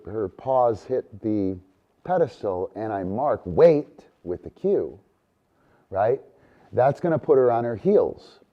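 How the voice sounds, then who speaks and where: A man's voice: fairly low pitch, phone-quality sound. Laid-back man coaching dog training. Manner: relaxed, keeps checking in with "right?"; talks to his dogs between explanations. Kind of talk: casual training demonstration.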